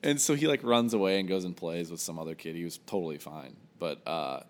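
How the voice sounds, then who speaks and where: A man's voice: deep voice, expressive, fairly quick, in a large hall. Laughing, swearing young man telling stories. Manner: profane, laughing storyteller. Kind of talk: casual chat.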